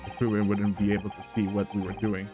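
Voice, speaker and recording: An earnest young law student thinks aloud in careful, formal wording, as a man reads him out. His voice is lowish, and game music plays clearly behind. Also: monotone, quick pace, natural voice. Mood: musing. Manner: musing, formal.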